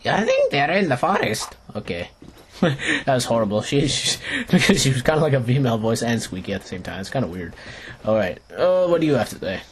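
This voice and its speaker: This young let's play host sounds brisk and expressive, his voice medium in pitch, while game music plays. His commentary is jokey and playful; he rambles, keeps restarting sentences, and talks to the characters on screen.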